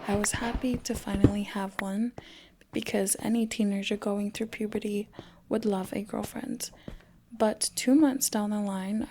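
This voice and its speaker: Female channel host reading stories over a game, slow delivery, creaky low edges, chatty with soft hushed stretches. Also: background noise. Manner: chatty, laughs between lines, drops into soft whispered passages. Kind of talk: reading online stories aloud over gameplay.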